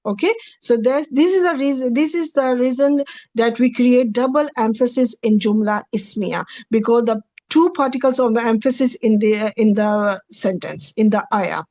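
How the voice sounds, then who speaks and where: A woman's voice: a little high, moderate pace, warm tone, dry recording. A woman in gives a recorded grammar lecture over slides. She talks patiently, repeats and rephrases each point, and checks in with "okay" before moving on. The recording is dry and close, with no room sound. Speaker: Arabic grammar teacher.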